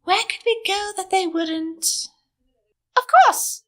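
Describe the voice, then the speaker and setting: Woman voicing a determined commanding pony filly, higher voice; audiobook hero. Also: slow pace. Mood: urgent. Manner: commanding, urgent. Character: bold determined young pony filly leader.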